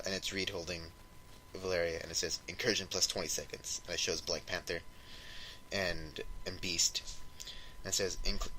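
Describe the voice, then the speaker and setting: A man's voice: low voice, sharp tone, a little hiss or hum, rough recording. A man co-hosting a podcast, casually retelling a comic story and acting out the characters' lines with lots of "like". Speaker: podcast co-host.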